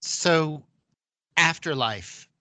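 A male host asks his guest questions in a measured, steady way. His voice is bright and sharp, and it sounds dry and close. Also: fairly high pitch, no echo. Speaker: radio show host and interviewer. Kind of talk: interview questions.

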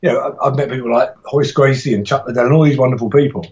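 A man's voice: mid-range voice, very fast, a little mellow, muffled recording. A middle-aged man, a martial arts instructor and author, telling stories in a podcast interview with enthusiasm and frequent restarts.

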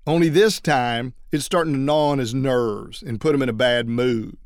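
A trial lawyer teaching other lawyers how to persuade juries, telling a story and acting out everyday quotes. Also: male voice, medium pitch, normal speed, smooth, dry recording, clean studio sound.

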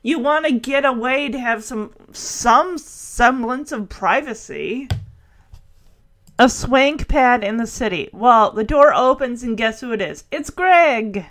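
A woman giving a casual, animated recap of a TV episode, laughing as she acts out the characters. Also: fairly high pitch, takes it slowly. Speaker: show recap host.

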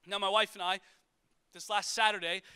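A young adult pastor with a high-pitched, smooth voice preaches a sermon to his congregation at a moderate pace. He's a lively, joking storyteller who opens with funny stories before shifting to scripture.

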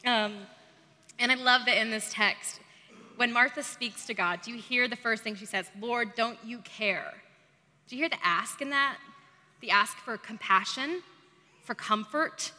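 A woman delivers a sermon in a relaxed, chatty way, often leaning on "like" and poking fun at herself. Her voice sits a little high and sounds bright and forceful. The sound carries a long reverb, as in a large church hall. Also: normal speed. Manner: chatty and self-deprecating, heavy use of "like". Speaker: preacher. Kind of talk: conversational sermon. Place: church service.

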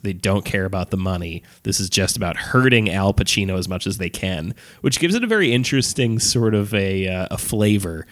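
Man, podcast co-host, slightly low pitch, rambling casual chat, filler words, offhand swearing. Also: a bit bright. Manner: rambling, lots of "like" and "um", casual swearing, laughs while telling. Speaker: podcast co-host reviewing films.

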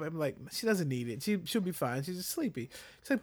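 Casting note: young man, lively storyteller, slightly high voice, casual podcast chat. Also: fairly quick, few pauses. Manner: animated storyteller acting out voices. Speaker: podcast co-host.

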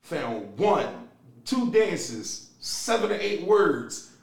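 A man telling animated stories in a casual group chat, acting out bits of dialogue. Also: sits high, extremely slow, creaky, reverberant. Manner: animated storyteller, acts out dialogue.

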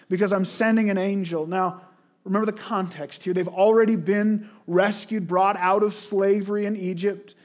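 High-voiced man preaching a sermon. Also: a little mellow. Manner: earnest, conversational preaching with rhetorical questions; frequent restarts and repeated words. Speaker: pastor.

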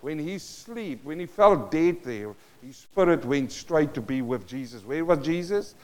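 A male pastor with a South African accent delivers a sermon. His delivery moves between near-whispered asides and loud, emphatic lines. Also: on the high side, lively intonation, a little slow. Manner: dynamic preaching, swinging between hushed and loud.

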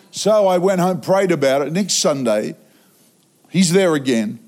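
A man preaching in a church auditorium, telling a funny story with animated delivery and sudden loud outbursts. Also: a little high, unhurried. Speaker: traveling preacher. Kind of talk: sermon.

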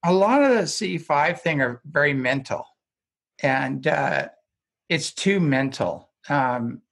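A man's voice: on the high side, sing-song, slow, gravelly, fairly bright tone. A man talking as a guest in a casual conversation, telling stories in a rambling way with frequent restarts and chuckles.

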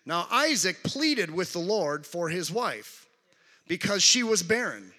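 Guy preaching in a big church, kinda high voice, lots of "come on" and "right?", echoey hall. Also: bright, forceful tone. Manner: conversational preaching with frequent restarts and call-outs. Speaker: pastor. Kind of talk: sermon.

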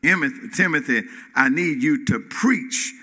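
A man preaching a sermon in a church, swinging between loud rises and quiet drops and calling out to the congregation. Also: fairly high pitch, expressive, a little slow. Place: church hall. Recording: reverberant hall.

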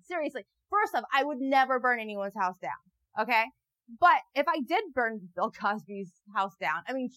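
A young adult woman delivering a rambling, profane comic monologue, sarcastic, with bursts into loud mocking voices. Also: mid-range voice, dry recording, rough recording. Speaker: comedian. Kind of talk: stand-up style comic monologue. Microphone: new wireless mic, walking around.

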